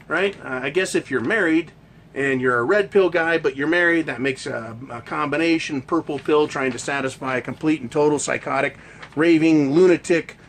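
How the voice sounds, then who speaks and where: A man hosting a ranting monologue, talking in a heated, emphatic and profane way. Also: on the high side. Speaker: host.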